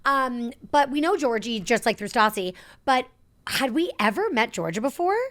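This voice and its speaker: A woman in her thirties co-hosting a podcast, talking in a rambling, animated rush. Her voice sits a bit high, and she packs her sentences with "like" and restarts. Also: normal speed. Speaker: podcast co-host. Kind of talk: casual chat.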